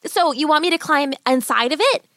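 A woman voicing a clever, chatty young girl in a bedtime story, talking in a quick, bright, rambling way. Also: sits high, expressive, dry recording, clean studio sound, voice pushed up. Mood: stalling chatter.

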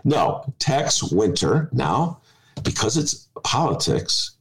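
A man's voice: medium pitch, slow pace, poor audio. A man hosting a political talk podcast, ranting emphatically in casual chat and joking with his co-host. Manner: animated, emphatic, ranting with jokes.

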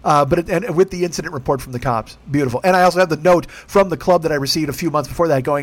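A man's voice: on the high side, fast talker, hardly any pauses. A man telling a profane, comic story as a rant, acting out the people he quotes in put-on voices. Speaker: podcast host.

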